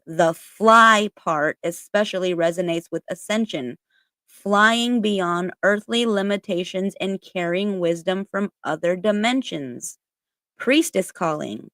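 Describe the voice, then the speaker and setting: A woman's voice: medium pitch, no echo. Chatty, swearing woman with dry sound. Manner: chatty, swears casually, many fillers. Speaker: spiritual content creator. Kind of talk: casual chat, reading aloud.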